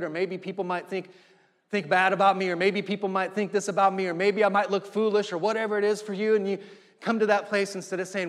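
A man's voice: high voice, flat delivery, fast talker. A middle-aged man preaching a sermon as pastor, driving points home with repetition and rising emphasis. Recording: long hall reverb.

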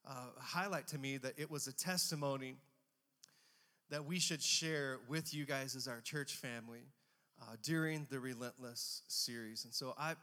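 A man's voice: medium pitch, sharp tone, big-room sound. A man pastor speaking earnestly to his congregation, introducing a testimony with heartfelt restarts. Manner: earnest, fervent, halting restarts. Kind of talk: sermon introduction. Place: church sanctuary.

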